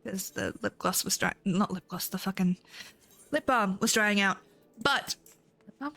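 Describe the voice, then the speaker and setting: A woman's voice: mid-range voice, measured pace, sharp tone. A young adult woman streaming a game, chatting casually and animatedly, with frequent swearing. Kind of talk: casual live-stream chat. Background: game music.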